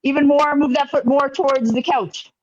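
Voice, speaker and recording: A man teaching a karate class online, giving brisk, encouraging commands. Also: very high-pitched, fairly even intonation. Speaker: karate instructor. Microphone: video call. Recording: lo-fi video call audio.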